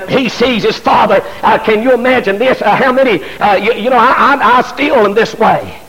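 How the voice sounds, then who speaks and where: A middle-aged man, preaching an impassioned sermon as a pastor, rising to shouts and stumbling over repeated fillers. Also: very high-pitched, moderate pace, few pauses. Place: church. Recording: long hall reverb.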